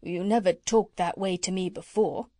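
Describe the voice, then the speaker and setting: A woman voicing a gentle, polite male doctor who speaks mildly and carefully. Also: lowish voice, steady tone, normal speed, dry recording, studio quality, natural voice.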